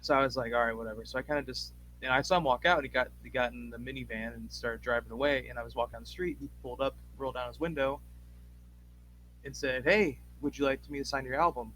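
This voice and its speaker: A young man co-hosting a podcast, telling a quick anecdote in an offhand, casual way. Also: medium pitch, steady tone, fairly bright tone, a little hiss or hum, rough recording. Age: young adult. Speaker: podcast co-host. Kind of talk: casual chat.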